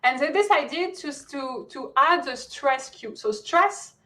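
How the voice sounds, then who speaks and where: Over a video call, a female guest lecturer from France delivers an academic talk in a French accent. Her high voice is expressive, slow, bright and forceful, and she frequently hunts for words amid fillers and restarts. The recording quality is low.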